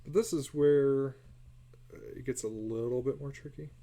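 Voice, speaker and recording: A man's voice: mid-range voice, steady tone, moderate pace, dark tone. A man chatting casually and muttering self-deprecating remarks while he draws on a live stream. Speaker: artist streaming a live drawing session.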